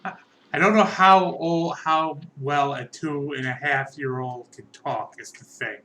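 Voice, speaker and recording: A man narrating as game master of a tabletop game, halting and full of fillers. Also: a little high, steady tone, sharp tone, a little hiss or hum, poor audio. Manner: halting, lots of fillers and restarts.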